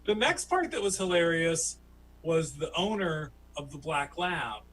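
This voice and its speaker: A man doing a stand-up comedy story who laughs at his own tale and jumps into high, squeaky voices for the people he quotes. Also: expressive, unhurried, a bit bright, rough recording. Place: home, virtual show.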